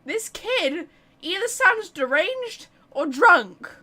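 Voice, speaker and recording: Excitable high-voiced woman streamer. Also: slow. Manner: excitable, rambling, many fillers. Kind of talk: casual game commentary.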